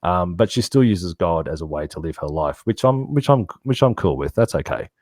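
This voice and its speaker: A man's voice: sits low, lively intonation, moderate pace, a little mellow, dry recording, studio quality. A middle-aged Australian man, chatting in a rambling, laid-back way as an interview guest. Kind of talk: casual interview chat.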